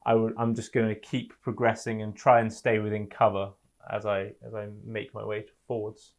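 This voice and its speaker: A man's voice: on the low side, completely flat delivery, moderate pace. A man playing a tabletop game, talking playfully and laughing often. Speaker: player. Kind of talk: casual tabletop play.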